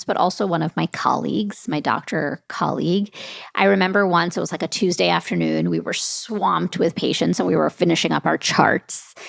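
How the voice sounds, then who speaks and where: A woman doctor being interviewed on a podcast, talking in a relaxed conversational way. Her voice has a gravelly, creaky texture, and she is recorded close and dry. She tells stories animatedly and acts out each quoted line. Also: lowish voice, no echo. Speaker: physician and author, guest.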